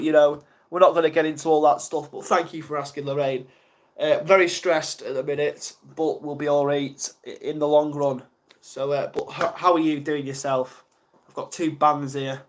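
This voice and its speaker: A man's voice: a little high, little pitch movement, normal speed. Flustered young man on a live stream. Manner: flustered, rambling, self-mocking. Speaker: ASMR livestreamer. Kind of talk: casual live stream chat.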